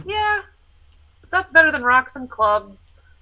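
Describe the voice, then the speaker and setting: A woman's voice: high voice, very animated, slow pace, bright, forceful tone, rough recording. A woman playing a tabletop game, talking through her tactics decisively. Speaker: player.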